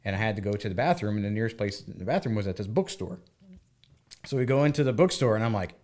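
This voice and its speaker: A man's voice: fairly low pitch, quick pace. A man from the United States, co-hosting a podcast and telling a story in casual chat, acting out the dialogue. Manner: animated, acts out dialogue. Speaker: podcast co-host.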